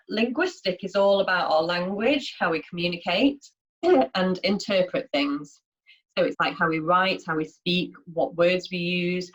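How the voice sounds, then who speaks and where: A woman with a lowish voice gives a casual online lunchtime lesson. She explains in a chatty way, often using fillers and restarting her sentences. The audio is dull and lo-fi. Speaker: workshop presenter. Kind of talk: informal online lunchtime talk.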